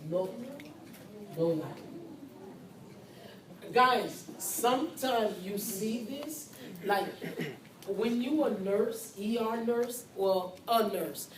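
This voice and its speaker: A woman, giving a nursing lecture to a class in a loud, emphatic, conversational way with asides to her students. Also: a little high, expressive, drawn-out words, long pauses. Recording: echoey classroom recorded from far off with background noise.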